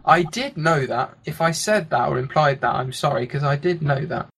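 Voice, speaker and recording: A man commentating a live online game match, talking quickly with lots of fillers. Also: a little high, creaky, a bit bright, slight background noise. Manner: rapid play-by-play with frequent fillers. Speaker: esports commentator.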